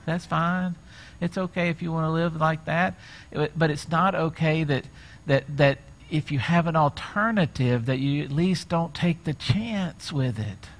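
A middle-aged male pastor preaching a sermon, retelling scenes with lively acted-out quotes. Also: fairly high pitch, measured pace. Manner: animated storytelling, acts out quoted voices.

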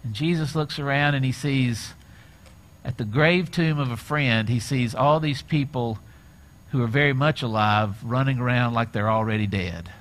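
Male pastor, middle-aged, animated sermon storytelling, crisp forceful tone. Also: mid-range voice, normal speed. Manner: animated storytelling, acts out quoted voices.

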